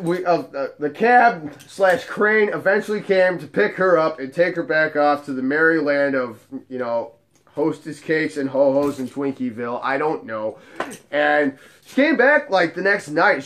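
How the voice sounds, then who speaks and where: A man who works as a nightclub bouncer, telling funny bar stories in a casual, profane, animated way. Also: a little high. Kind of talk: casual storytelling vlog.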